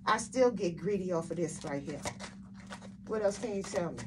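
A woman's voice: fairly low pitch, animated, moderate pace, background noise. A woman doing a tarot reading for her viewers, blunt and emphatic, with frequent swearing and repeated rhetorical questions. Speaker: tarot reader.

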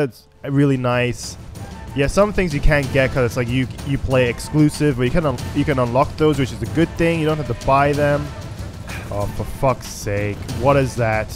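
A man giving let's play commentary on a stealth shooter game, frustrated and swearing at it, with chatty asides. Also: medium pitch. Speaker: gaming YouTuber.

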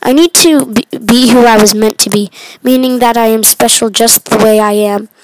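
A woman reading the lines of a hot-tempered boy turned dragon, in an eager, halting way with restarts. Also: on the high side, fairly even intonation, no room sound, natural voice, poor audio. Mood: reflective.

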